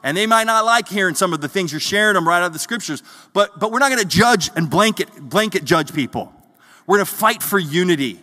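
A man preaches to his congregation in an earnest, conversational way, often stumbling and repeating words as he searches for them. His voice sits high and sounds bright and forceful. The sound carries the long reverb of a church hall. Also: lively intonation, moderate pace. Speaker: pastor. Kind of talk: sermon.

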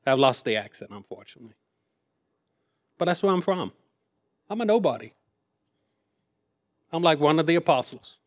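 A man's voice: mid-range voice, lively intonation, brisk, pauses often. An English man in his fifties, a missionary telling his story as a sermon testimony, self-deprecating and rambling into asides. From England. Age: 50s. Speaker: missionary speaker.

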